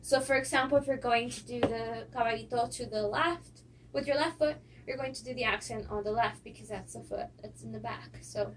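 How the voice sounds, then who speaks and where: A young woman with a high, light voice walks students through footwork and counts the steps aloud. She sounds set back from the microphone, and steady noise runs under her voice. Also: fairly quick. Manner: counts steps aloud, with little laughs and fillers. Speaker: dance teacher. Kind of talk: instructional lesson. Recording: distant mic with clear noise.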